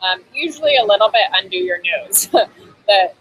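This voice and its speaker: A woman hosting an on-camera Thai lesson in Bangkok speaks at normal speed with lively intonation and a medium-pitched, slightly bright voice. She's chatty, laughing and saying um often between the basic phrases. There's slight background noise on this low-quality recording.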